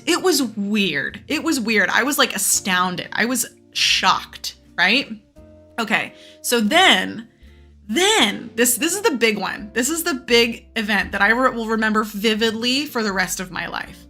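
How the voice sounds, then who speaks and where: A woman teacher telling a story casually on a reading stream, animated and full of fillers. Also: medium pitch. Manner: animated, filler-heavy, laughing.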